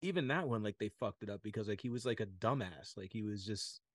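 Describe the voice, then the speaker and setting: A man's voice: lowish voice, expressive, fast talker, no echo, clean studio sound. A man in his forties chatting casually as a podcast guest, swearing freely and joking at his own expense. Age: 40s. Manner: swears freely, self-mocking. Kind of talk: casual chat.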